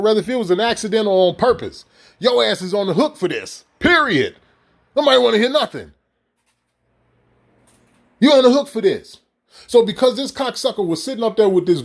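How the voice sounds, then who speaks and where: A man with a fairly high-pitched voice rants in a heated, profane monologue aimed straight at his audience. He keeps mocking the people he argues against and firing off rhetorical questions. The talk is loose and spoken off the cuff. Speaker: vlogger ranting to his audience.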